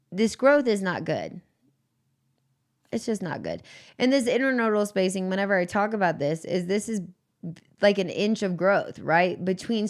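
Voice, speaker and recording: A woman casually showing her plants on a live stream, chatty and loose, swearing freely and restarting her sentences while she moves nearer to and farther from the mic. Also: lowish voice.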